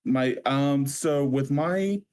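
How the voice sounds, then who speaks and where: A man's voice: mid-range voice, takes it slowly, darkish tone. A man playing a tabletop game, chatty and laughing as he describes his character. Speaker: player. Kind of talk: casual tabletop game play.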